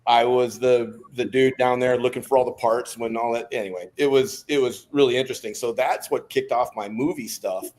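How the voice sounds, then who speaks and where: A man's voice: mid-range voice, a little fast, few pauses, slight background noise. A man in his fifties, a former Navy SEAL guest telling stories from his life in a casual interview and laughing between anecdotes. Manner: animated storyteller who laughs between anecdotes.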